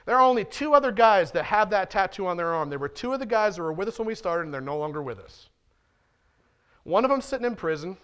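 High-voiced man preaching. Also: lively intonation, fast talker, a bit bright, clear, resonant tone. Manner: direct, conversational, fond of rhetorical questions. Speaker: pastor. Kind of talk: sermon. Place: church.

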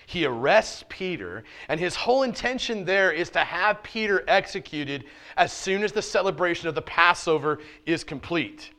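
Here a male pastor delivers a church sermon at normal speed with lively intonation and hardly a pause. He shifts from loud, stressed points to soft, low remarks and sprinkles in playful street talk.

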